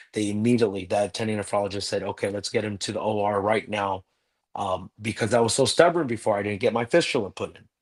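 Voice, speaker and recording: A man telling a personal story earnestly as a guest in a live interview. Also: on the low side.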